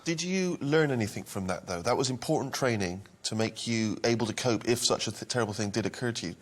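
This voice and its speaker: A man's voice: medium pitch, fast talker. A man co-hosting, asking questions in a dry, mock-earnest way. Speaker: co-host. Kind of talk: mock-serious interviewing.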